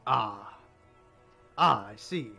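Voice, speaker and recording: A man in his forties with a gravelly smoker's voice, giving rambling, self-mocking, profane commentary while streaming a game. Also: medium pitch, lively intonation, extremely slow, bright, forceful tone, soft background music. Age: 40s. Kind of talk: casual gameplay commentary.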